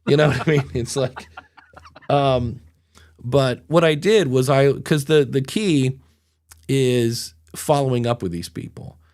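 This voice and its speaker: A man's voice: mid-range voice, measured pace, darkish tone. A middle-aged man hosting a podcast, telling stories in a rambling, self-deprecating way. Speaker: podcast host. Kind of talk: casual podcast chat.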